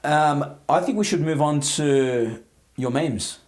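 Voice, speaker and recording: A man's voice: a little high, slow. A man with an Australian accent hosting a casual interview, easygoing, with lots of short affirmations. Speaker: host, interviewer.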